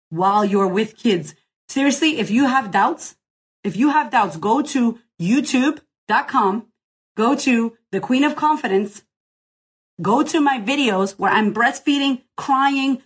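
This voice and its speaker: Husky-voiced, profane woman coach. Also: fairly high pitch. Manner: blunt, profane and effusive, swears often; energetic pep-talk delivery. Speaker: business coach and podcast host. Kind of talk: live motivational Q&A.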